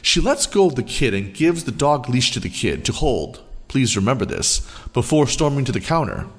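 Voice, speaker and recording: A man narrating internet stories aloud to viewers in an expressive, storytelling manner. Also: medium pitch, moderate pace. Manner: expressive, animated reading. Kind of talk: reading reddit stories aloud.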